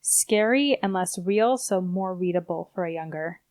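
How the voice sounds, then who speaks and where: A woman's voice: fairly low pitch, darkish tone, no echo. Woman co-host, casual book chat, rambling delivery, dry close recording. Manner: chatty, rambling, quick bursts. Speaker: podcast co-host.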